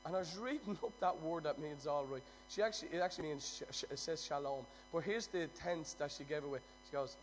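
A man delivers a sermon in a notably high voice. He moves between hushed, close storytelling and loud, rousing proclamation. Faint music plays behind him. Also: brisk, rough recording. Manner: swings from hushed storytelling to loud emphatic preaching. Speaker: preacher.

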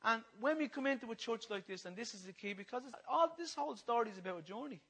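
Man, passionate preacher with a bright, ringing voice and lots of repetition. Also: very high-pitched, expressive, fast talker, slightly rough, poor audio. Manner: impassioned, repetitive, swings from loud to hushed. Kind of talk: sermon.

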